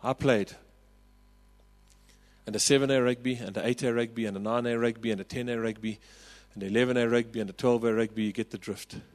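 A South African man in his forties preaching a sermon, telling a personal story with passion and rising to loud calls. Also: medium pitch, fairly even intonation, fast, long reverb tail. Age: 40s. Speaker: pastor.

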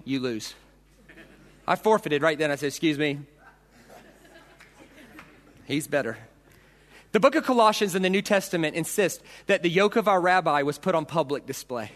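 A man's voice: fairly high pitch, fairly bright tone. A man preaching a storytelling sermon, dramatic, acting out voices and punches. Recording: long hall reverb.

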